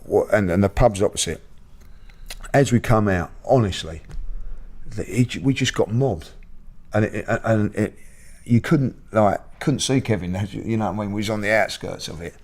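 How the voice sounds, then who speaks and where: A man hosting a podcast, telling stories in a lively casual way, full of fillers and repeats. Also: lowish voice, normal speed. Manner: animated storyteller with many fillers and repeats. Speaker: podcast host. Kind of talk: casual chat, storytelling.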